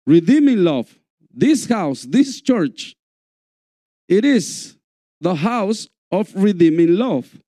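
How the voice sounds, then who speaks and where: A man preaching a sermon in a church, slow and repetitive, calling out for amens. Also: sits high, dark tone, dry recording, studio quality. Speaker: pastor.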